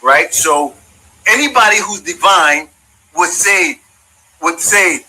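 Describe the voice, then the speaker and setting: This man's high, expressive voice is bright and forceful, but he speaks slowly with long pauses as he angrily confronts someone directly, swearing throughout. He's a former community member giving his side, and the low-quality audio has slight background noise.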